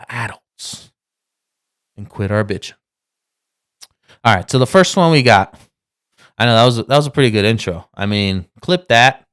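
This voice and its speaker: Animated rambling man hosting a podcast. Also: mid-range voice, clear, resonant tone. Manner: rambling and animated, swears, many restarts. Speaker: podcast co-host. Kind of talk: casual podcast monologue.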